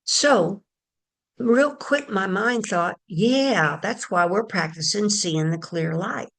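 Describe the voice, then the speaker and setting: A woman's voice: medium pitch, takes it slowly, fairly bright tone. A woman giving a casual spiritual talk, telling a story in a chatty way and addressing her listeners directly. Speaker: spiritual teacher.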